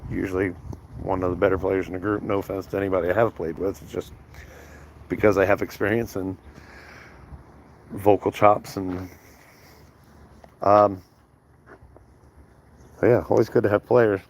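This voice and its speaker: Chatty, low-voiced male game master. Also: flat delivery, moderate pace, pauses often, slight background noise. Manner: chatty, rambling, with many fillers. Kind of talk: casual chat on a game stream.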